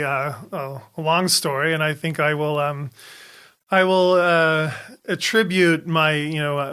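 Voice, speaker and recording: A man in his fifties recounting a personal story on a casual podcast. His voice sits a little high and rings bright and forceful. He circles back and restarts his sentences, with frequent ums along the way. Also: clear, resonant tone. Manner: halting, many ums and restarts. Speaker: podcast co-host, doctor.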